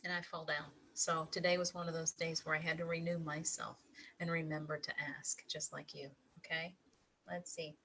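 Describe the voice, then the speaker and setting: Middle-aged woman, low-ish voice, chatty spiritual livestream host, laughs a lot, faint room hum. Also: flat delivery, normal speed, low-quality recording. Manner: laughs often, warm encouraging tone. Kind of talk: casual livestream talk to viewers.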